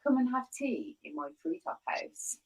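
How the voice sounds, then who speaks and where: A woman's voice: on the high side, very animated, measured pace, vocal fry, distant mic, pitched above the performer's own voice, full character voice, rough recording. A woman voicing a hungry owl with a hooting, falsely polite manner in a picture book reading. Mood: coaxing. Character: posh, hungry male owl.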